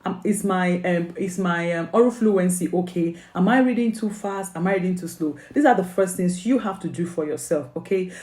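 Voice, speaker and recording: A woman's voice: lowish voice, normal speed, few pauses, a little mellow, echoey room. A woman with a Nigerian accent giving earnest, coaxing exam advice as an English tutor, with many questions and "okay?" checks. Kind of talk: motivational exam advice video.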